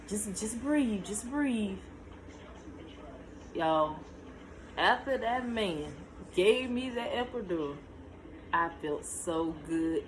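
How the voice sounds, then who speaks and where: A young woman telling her own story to camera in a casual vlog, talking straight to her viewers and jumping high in pitch when she relives tense moments. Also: slight background noise, poor audio. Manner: talks to viewers directly, shushing her child between lines.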